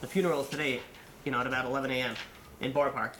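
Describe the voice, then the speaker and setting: A man's voice: mid-range voice, fairly even intonation, very fast, a bit bright, slight background noise, close to an everyday voice. A man voicing a hesitant, apologetic friend breaking bad news on the phone, in an echoey room.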